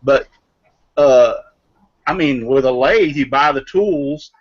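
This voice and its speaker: Dude cohosting, lotta uhs, explains stuff slow, kinda muffled call sound. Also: male voice, medium pitch. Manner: hesitant, many fillers, explains with comparisons. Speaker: co-host. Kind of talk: live online hangout chat.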